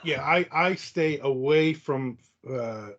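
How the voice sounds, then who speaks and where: A man hosting a podcast in casual chat, telling animated stories and acting out the people he quotes. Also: on the high side, slow pace, dull audio. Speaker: podcast host.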